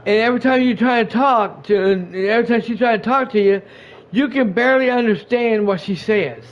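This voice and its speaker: A man's voice: high-pitched, fairly quick. A man hosting a podcast, telling a casual story full of restarts and repeated words. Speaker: podcast host. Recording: dull lo-fi stream audio.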